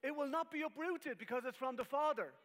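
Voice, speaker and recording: A man's voice: very high-pitched, fairly quick, fairly bright tone. A man preaching a sermon as pastor, emphatic with wry asides, in a church hall. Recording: long reverb of a hall.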